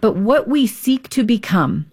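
A woman's voice: fairly high pitch, very animated, a little slow, a little mellow. A woman counselor and author, a guest on an interview show, explaining ideas in an earnest, teacherly way. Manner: earnest, teacherly, acts out examples.

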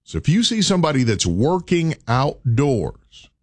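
A man's voice: medium pitch, sing-song, unhurried, a little mellow, dry recording, studio quality. A man hosting a radio show, urging listeners with preacher-like repetition. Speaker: radio host. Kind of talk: morning radio talk.

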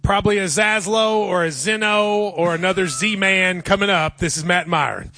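A man's voice: high-pitched, normal speed, bright, forceful tone. A man hosting a sports radio show, chatting casually and joking with his guests. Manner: playful, jokey banter.

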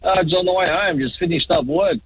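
A man with an Australian accent, a truck driver, calling in to a radio show, talking haltingly and joking. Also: high-pitched, creaky, husky, no room sound. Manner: halting, joking, many fillers. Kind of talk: phone-in call. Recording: tinny phone line.

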